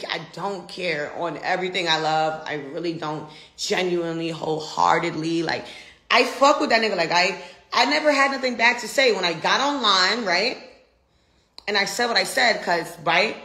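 A woman's voice: lowish voice, moderate pace, sharp tone, roomy sound. Brash, profane American woman ranting. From United States. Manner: brash, profane, defiant, repetitive. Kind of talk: casual rant.

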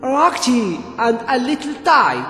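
A man voicing a cheerful, excitable young monkey boy in a retold cartoon, talking in a bouncy, delighted way. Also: extremely high pitch, takes it slowly, full character voice. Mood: excited. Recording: roomy hall reverb, faint music.

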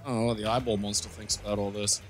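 A man's voice: on the low side, very fast. A man chatting casually over a video game, swearing freely and riffing on silly ideas. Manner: animated, swears freely, riffs on jokes. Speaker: co-host of a gameplay channel. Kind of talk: casual gameplay commentary. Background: game music.

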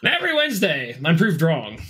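A man's voice: fairly high pitch, huge pitch swings, fairly quick, crowd noise. A man co-hosting a comedy podcast, chatting casually in a blunt, joking way. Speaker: podcast co-host. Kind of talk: casual chat.

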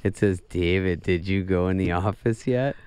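A middle-aged male comedian telling anecdotes in a radio interview, deadpan and acting out what people said. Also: low voice, normal speed, slight background noise. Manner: deadpan storytelling, acts out quotes. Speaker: comedian guest.

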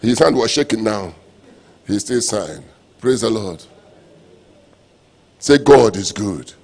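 A male pastor preaching a sermon, repeating refrains and breaking into sudden loud, emphatic lines. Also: lowish voice, expressive, takes it slowly, creaky, breathy edge. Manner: preaching with call-and-response phrases and sudden loud emphatic bursts.

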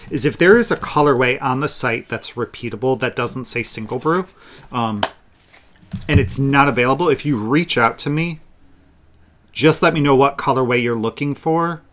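A man with a mid-range voice co-hosts a friendly craft podcast. He explains things in an easy, unhurried way. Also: medium pitch. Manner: relaxed and explanatory. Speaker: podcast co-host and yarn dyer. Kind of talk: casual podcast chat.

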